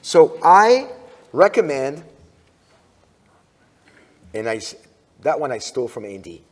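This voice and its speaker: A man giving a conference talk in a church, telling stories with lively restarts and questions to the audience. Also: on the high side, takes it slowly. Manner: animated storyteller, frequent restarts, asks audience questions. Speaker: conference speaker. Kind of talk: sermon-style conference talk. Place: church sanctuary. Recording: long hall reverb.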